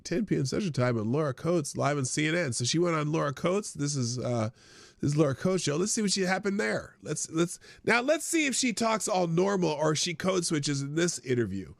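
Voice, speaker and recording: A man's voice: fairly high pitch, animated, a little fast, creaky, dry recording, clean studio sound. A man hosting a live stream, giving casual, sarcastic political commentary and thinking aloud.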